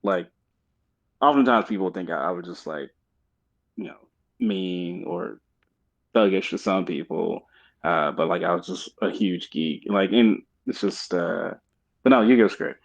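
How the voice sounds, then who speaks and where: A man in his thirties co-hosting a podcast, telling stories in an animated way and laughing easily. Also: low-pitched, a little slow, creaky, pauses often. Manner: animated storyteller, laughs easily, says "yeah" a lot. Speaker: podcast co-host. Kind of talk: casual chat. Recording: dull lo-fi mic.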